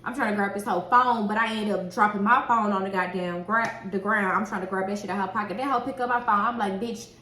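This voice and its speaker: A woman who works as a nail technician telling a story in a casual, animated way, swearing often and acting out what people said. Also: mid-range voice, quick pace, few pauses. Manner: animated, profane, acts out quoted dialogue. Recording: echoey room with faint noise.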